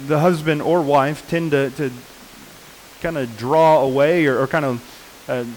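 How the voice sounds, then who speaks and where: A man preaching a sermon in an unhurried, earnest way, often pausing with fillers and restarting his sentences. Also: on the high side, fairly even intonation, slight background noise, rough recording.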